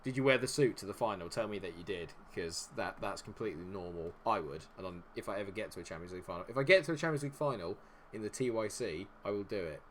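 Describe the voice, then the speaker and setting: Man, game stream commentary, lowish voice, swears at the match, chats to chat, faint hiss behind. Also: fast talker. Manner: exasperated, swears freely at the game; chatty with viewers between matches. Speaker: gaming streamer. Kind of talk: live gameplay commentary.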